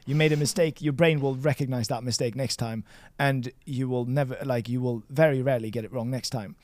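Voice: medium pitch, steady tone, fairly quick, darkish tone, no echo. A language teacher leading a one-on-one lesson, patient and playful, drilling words by repeating them.

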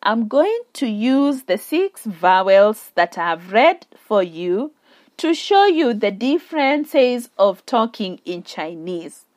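Very slow, patient woman teacher. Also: mid-range voice, very animated, darkish tone. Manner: slow and deliberate, drawing out vowels and tones for demonstration. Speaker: Mandarin language teacher. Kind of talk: slow spoken language lesson.

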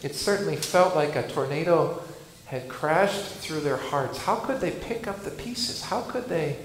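A man preaching a sermon, earnest, rising loud and dropping soft for emphasis. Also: fairly high pitch, lively intonation, a little slow. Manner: earnest, builds and drops volume for emphasis. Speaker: pastor. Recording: echoey hall with faint noise.

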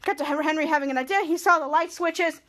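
In a very high, bright voice, a woman podcast host recaps a sitcom episode casually, scene by scene. She halts and restarts as she goes.

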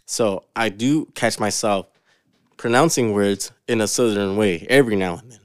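A man's voice: lowish voice, moderate pace, smooth, dry recording, clean studio sound. A man co-hosting a podcast, telling stories in a laid-back, slangy way and swearing often. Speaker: podcast co-host. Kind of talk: casual chat.

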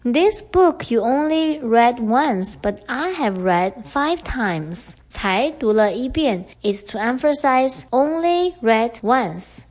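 A young woman hosting a podcast lesson, explaining clearly and switching between English and Mandarin. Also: fairly high pitch, animated, slow pace, hardly any pauses, darkish tone. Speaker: podcast host and Chinese teacher.

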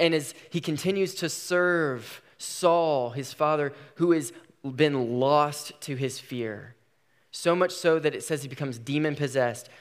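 A man preaching a sermon, retelling a story with dramatic, emphatic delivery. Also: fairly high pitch.

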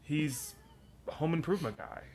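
A man's voice: on the high side, expressive, normal speed, a little mellow, a little hiss or hum. A man co-hosting a podcast, chatting casually and joking, with lots of fillers like "like" and "um". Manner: rambling, filler-heavy, joking. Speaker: podcast co-host. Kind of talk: casual chat.

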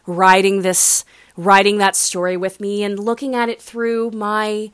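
A young adult woman telling a long personal story in a casual, chatty vlog, full of fillers and animated asides. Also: lowish voice, no room sound, studio quality. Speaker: vlogger.

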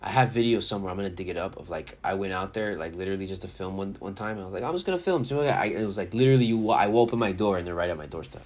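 A man's voice: deep voice, rapid-fire, few pauses. A man in his thirties hosting a casual sports talk show, rambling through stories with lots of swearing. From Miami area. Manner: profane, rambling, animated storyteller. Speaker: podcast host. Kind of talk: casual sports chat and storytelling.

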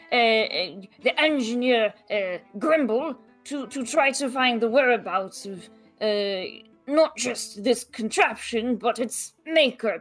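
High-voiced woman player, halting formal in-character speech, soft music under. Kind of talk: in-character tabletop play. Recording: faint music behind.

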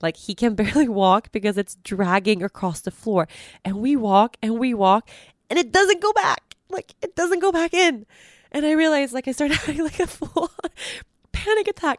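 A woman's voice: high voice, moderate pace, no room sound, clean studio sound. A young adult woman hosting a podcast, telling a story in a rambling way with many fillers and frequent laughs. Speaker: podcast host. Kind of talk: casual storytelling.

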